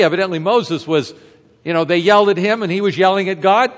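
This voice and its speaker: A man's voice: high voice, a little fast. A man preaching a sermon as a pastor, retelling a story in a conversational way and throwing rhetorical questions to the congregation. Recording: reverberant hall sound.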